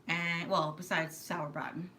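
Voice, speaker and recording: A woman's voice: fairly low pitch, level tone, unhurried, pushed and bright, a little hiss or hum. A middle-aged woman from New York hosting a casual live stream, chatty and rambling, laughing often. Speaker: live stream host, mother.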